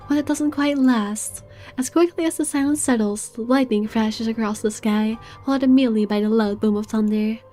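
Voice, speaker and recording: Brief: woman reading as a haughty young lord, mellow voice, measured dramatic delivery, soft game music under. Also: on the high side, lightly acted. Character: proud young man, weary and aloof. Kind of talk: reading game narration aloud. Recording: faint game music behind.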